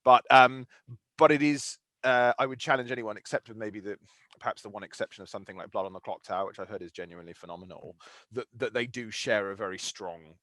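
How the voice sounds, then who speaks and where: A man's voice: lowish voice, fast, a bit bright, no room sound. A man hosting a podcast interview, talking in a thoughtful, analytical way with frequent restarts. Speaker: podcast host. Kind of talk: casual conversational interview.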